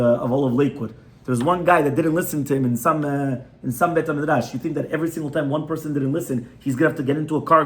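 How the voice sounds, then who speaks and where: A man, a rabbi, giving a conversational Torah class in a home, often checking in with his listeners. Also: a little high. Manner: conversational teaching, frequent "right?" checks with the audience. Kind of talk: Torah class on child education. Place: residence, small class gathering.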